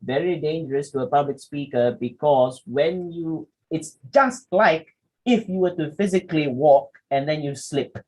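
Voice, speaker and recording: A man's voice: on the high side, moderate pace, darkish tone, low-quality recording. A young man with a Malaysian accent teaching a public speaking workshop in a chatty, demonstrative way with frequent asides. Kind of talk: lecturing a workshop.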